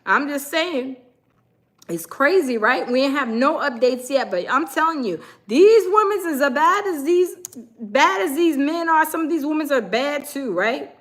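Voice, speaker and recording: A woman hosting a casual livestream, sassy and animated, reading comments from the chat. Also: high voice, a little slow. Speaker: livestream host.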